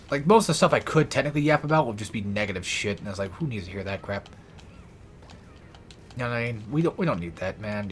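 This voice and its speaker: A man's voice: fairly low pitch, a bit bright, slight background noise. A man doing casual, profane and rambling commentary over a video game, a little out of breath. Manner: rambling, profane, self-deprecating. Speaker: let's play gamer.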